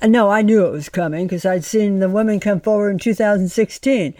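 A woman's voice: medium pitch, brisk, warm tone, no echo. A woman author being interviewed, who talks in an emphatic, exuberant and outspoken way. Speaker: author guest. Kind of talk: conversational interview.

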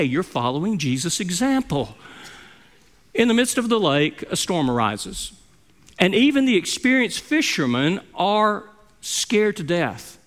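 A middle-aged man delivers a sermon from the pulpit in a voice pitched a little high. He swings between loud, emphatic lines and soft, hushed quotations. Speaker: pastor.

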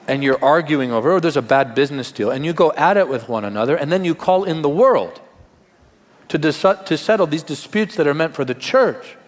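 A man's voice: mid-range voice, long reverb tail. A male pastor giving a sermon in a conversational way, with rhetorical questions and humor.

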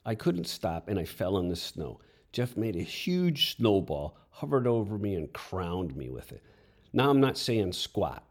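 A man's voice: low voice, very animated, unhurried. A man telling a first-person story with wry, crude humor.

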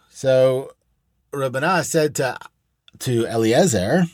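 A man's voice: fairly high pitch, expressive, slow pace, pauses often, dry recording, studio quality. A man teaching a text-study lesson in a digressive, explanatory way, reading short Aramaic phrases aloud and then glossing each in English. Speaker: Talmud teacher.

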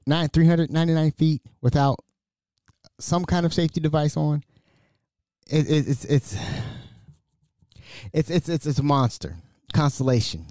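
A man hosting a casual solo podcast, excitable and stumbling over repeated words, his voice a little raspy. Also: a little high, dry recording, clean studio sound. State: slightly raspy from screaming. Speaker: podcast host.

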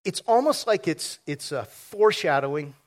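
Male pastor, slightly high voice; lively, joking sermon delivery with audience asides. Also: moderate pace. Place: church sanctuary before a congregation.

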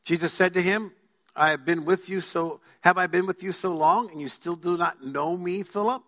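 Bright high-voiced male pastor preaching. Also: normal speed. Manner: emphatic, asks the congregation questions. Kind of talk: sermon. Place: church sanctuary. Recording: long hall reverb.

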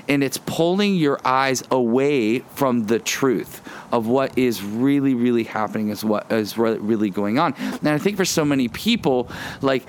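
A man preaching a sermon outdoors in the wind, earnest and repeating words as he acts out quoted voices. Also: mid-range voice. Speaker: pastor. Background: wind noise.

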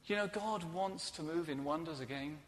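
A man preaches a sermon in a church hall, retelling a story earnestly and often letting his voice fall soft and quiet. His voice sits slightly high, and a long reverb from the large hall trails behind every word. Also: normal speed.

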